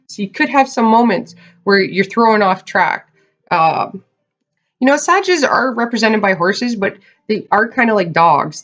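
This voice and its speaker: A woman's voice: mid-range voice, fairly bright tone. Chatty woman doing a tarot reading, muffled sound. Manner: chatty, laughs often, addresses viewers as "you guys". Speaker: tarot reader. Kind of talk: casual tarot reading to viewers. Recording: dull lo-fi sound.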